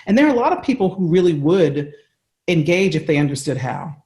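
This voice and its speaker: A woman's voice: low-pitched, very animated, a little fast, darkish tone. Earnest American woman on an echoey call. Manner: earnest, emphatic, explains with examples. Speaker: leadership coach. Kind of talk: conversational interview answer. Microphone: video call.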